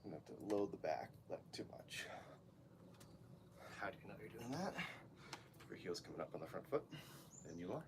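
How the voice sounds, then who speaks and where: Low-voiced man coaching a workout. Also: very animated, a little fast, long pauses, noisy background. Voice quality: quiet, often low and half-whispered. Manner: casual, rambling coaching talk. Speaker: fitness coach. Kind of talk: live workout instruction. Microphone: no microphone, camera picks up from a distance.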